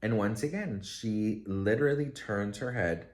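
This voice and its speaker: A man telling a story casually to camera, chatty and expressive, acting out quotes with lots of fillers. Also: lowish voice, unhurried. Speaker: vlogger and storyteller.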